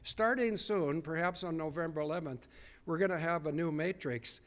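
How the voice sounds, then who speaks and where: A man's voice: on the high side, normal speed. A man speaking to a live audience, earnestly retelling conversations with emphatic repetition. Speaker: public speaker. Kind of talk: storytelling speech to a live audience.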